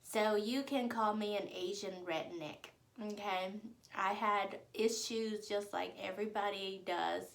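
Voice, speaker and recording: A woman's voice: mid-range voice, unhurried, vocal fry. A woman from Arkansas, telling a story to her vlog audience in a blunt, profane, casual way. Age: adult. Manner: blunt and profane, animated when quoting others. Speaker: vlogger.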